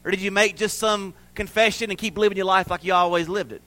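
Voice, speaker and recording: A man preaching to his church in a high, bright tenor. He is plainspoken and folksy, and he swings between ringing declarations and near-hushed stretches. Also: fairly even intonation, fast, hardly any pauses, no echo. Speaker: pastor. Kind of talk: sermon.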